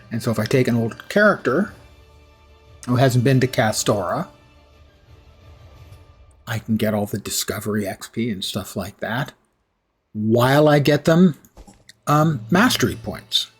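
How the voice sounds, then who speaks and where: A man with a husky, raspy voice, clearing his throat often, giving chatty live commentary while streaming a game. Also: medium pitch, lively intonation, moderate pace, long pauses, soft background music.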